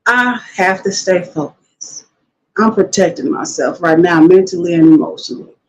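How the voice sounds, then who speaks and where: In a casual interview, a woman with a fairly low voice talks at normal speed, telling stories with energy and acting out what others said in lively voices. The recording sounds rough.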